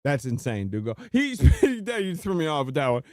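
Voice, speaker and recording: A man hosting a live stream, delivering a mocking, slang-filled rant and pausing to greet viewers. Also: a little high, no echo, studio quality. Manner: animated, slangy, mocking rants; laughs and interrupts himself to greet viewers. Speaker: livestream host. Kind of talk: live stream reaction commentary.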